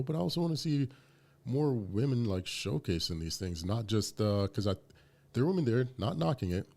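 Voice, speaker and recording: A man's voice: lowish voice, mellow. A man co-hosting a podcast, talking casually and emphatically with many fillers. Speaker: podcast co-host.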